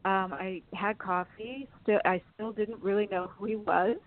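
A woman's voice: medium pitch, steady tone, moderate pace. A woman being interviewed, telling long personal stories in a chatty way and laughing often. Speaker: interview guest. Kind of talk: storytelling in a phone interview. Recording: phone-line sound.

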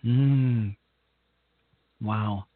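Male talk radio host, unhurried, husky, stop-start delivery with lots of repeats, dry tinny phone-quality audio. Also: on the low side, steady tone, dry recording. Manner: halting, repeats himself, emotional. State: nervous. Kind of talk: live political talk radio.

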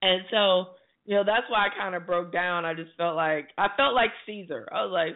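A woman co-hosting a talk show, telling stories in a chatty, animated way. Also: fairly low pitch, normal speed. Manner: chatty storytelling, animated retellings. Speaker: radio talk show co-host. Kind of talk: casual chat. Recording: tinny phone-like line.

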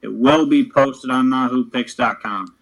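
A man's voice: mid-range voice, steady tone, measured pace, rough recording. A man reading out his horse racing picks in a brief, matter-of-fact way on a casual show. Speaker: racing handicapper.

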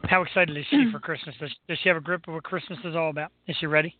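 A man's voice: a little high, very fast, slight background noise. Teasing man on a tinny line. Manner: joking, teasing. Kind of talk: casual chat. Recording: tinny phone-like line, dry.

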